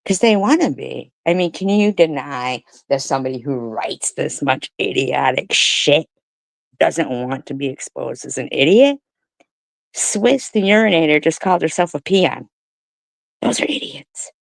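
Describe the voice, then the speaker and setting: A woman's voice: deep voice, animated, moderate pace, creaky, no room sound. A woman doing profane, mocking commentary, firing back sarcastic rhetorical questions at her critics. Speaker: commentary streamer. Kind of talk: ranting commentary on comments read aloud.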